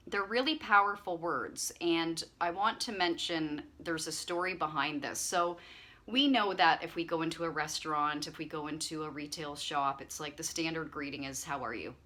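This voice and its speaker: A woman hosting her own channel, chatting casually to camera in a rambling, friendly way with lots of fillers. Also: deep voice. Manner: chatty, warm-hearted rambling with frequent fillers. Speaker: channel host.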